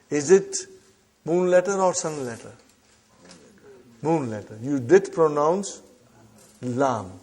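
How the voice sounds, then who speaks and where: A man teaching Arabic to a class, slowly repeating phrases and prompting the students with short questions. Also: a little high, darkish tone. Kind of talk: classroom lesson.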